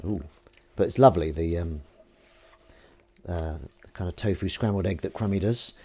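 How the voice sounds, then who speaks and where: A man's voice: low-pitched, normal speed, warm tone, breathy edge. A young man hosting a live stream, chatting casually and reading out viewers' messages. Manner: chatty, self-mocking, reads chat aloud. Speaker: livestream host. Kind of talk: casual chat while washing up.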